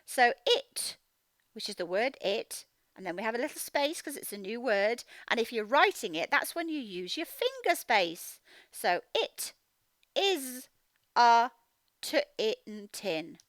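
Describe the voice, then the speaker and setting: A woman teaching phonics to young children, reading a picture book aloud and slowly sounding out each word. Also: a little high, no room sound. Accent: Australian. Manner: slow, sounding out words, expressive storybook reading.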